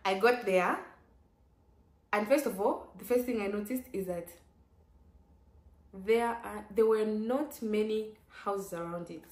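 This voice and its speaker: A woman's voice: medium pitch, a little slow, long pauses. Young woman, story-time vlogger, chatty and exclaiming, roomy echo. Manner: chatty, lively, many "like" fillers and sudden exclamations. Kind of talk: casual storytelling.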